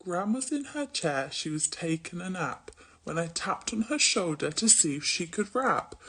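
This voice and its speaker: A husky, slightly breathy woman reads a rhyming children's story aloud. Her low voice bounces up and down in a lively, sing-song rhythm. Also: normal speed. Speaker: masked reader at a school. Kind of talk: reading a rhyming picture book aloud.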